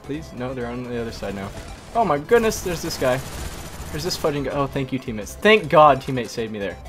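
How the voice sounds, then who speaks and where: A man's voice: mid-range voice, lively intonation, fairly quick. A tired man giving rambling, casual commentary on his own gameplay, talking to himself and swapping swear words for mild ones. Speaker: gaming commentator. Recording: game audio with music underneath.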